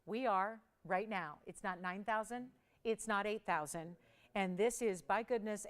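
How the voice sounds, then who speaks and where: Smooth-voiced woman selling jewelry live. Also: mid-range voice, a bit bright. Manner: upbeat, persuasive price countdown patter. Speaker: jewelry shopping show host. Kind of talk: live TV shopping sales pitch.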